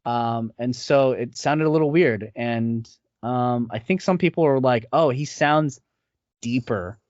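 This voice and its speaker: A man of middle pitch chats as an interview guest, rambling along with lots of "um" and "like" and restarting his sentences. The sound is dry and close, with a dull lo-fi quality. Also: measured pace, a little mellow, no room sound. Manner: rambling, many fillers and restarts. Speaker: voice actor guest. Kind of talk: casual interview chat. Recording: dull lo-fi audio.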